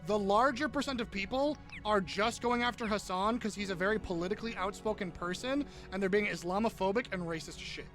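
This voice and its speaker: High-voiced man in heated stream chat. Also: brisk, hardly any pauses, a bit bright, faint music behind. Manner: heated and profane. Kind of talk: casual live-stream chat.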